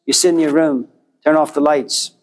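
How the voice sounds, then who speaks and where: A male lecturer tells a story to his listeners in a loose, conversational way, turning to address them directly. His voice sits a bit on the high side for a man. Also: fairly even intonation, moderate pace. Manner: acts out quoted characters with jumps in pitch.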